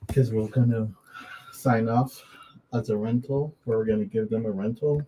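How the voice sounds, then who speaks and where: A man's voice: lowish voice, fairly even intonation, normal speed, dark tone, a little hiss or hum, low-quality recording. A man talking with a coworker about plans in a matter-of-fact, teasing way. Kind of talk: casual workplace chat.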